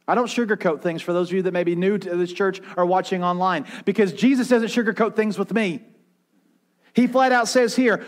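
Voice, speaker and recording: High-voiced preaching pastor, man. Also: fairly quick. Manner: preaching with rising intensity and dramatic quiet drops; acts out quoted voices in his retelling. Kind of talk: sermon.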